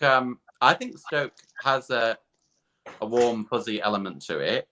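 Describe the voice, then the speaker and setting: A man's voice: medium pitch, lively intonation, measured pace, pushed and bright. A man from the English Midlands co-hosting a casual chat over a video call, chatty and rambling with many restarts. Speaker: co-host.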